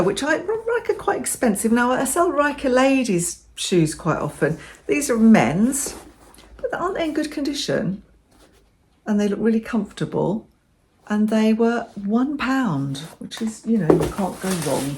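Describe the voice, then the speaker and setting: A woman's voice: medium pitch, darkish tone, a little hiss or hum. A middle-aged woman chatting enthusiastically as she shows off her bargain finds in a casual vlog. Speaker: vlogger. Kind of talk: casual show-and-tell chat.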